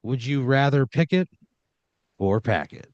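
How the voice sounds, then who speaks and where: A man voicing a cheesy, smarmy TV game show host with a brash, drawn-out showman delivery. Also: mid-range voice, animated, no room sound, highs cut off, voice pushed up, lightly acted. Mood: showy.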